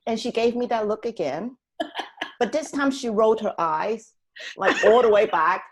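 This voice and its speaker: A woman sharing a personal story as a guest on a talk show. She tells it with lots of energy, laughing often and acting out the people she quotes. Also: on the high side.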